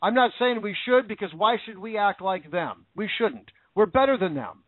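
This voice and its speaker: Indignant high-voiced American man ranting. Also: expressive, normal speed, no echo. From United States. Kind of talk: opinion rant. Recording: dry, phone-like narrow audio.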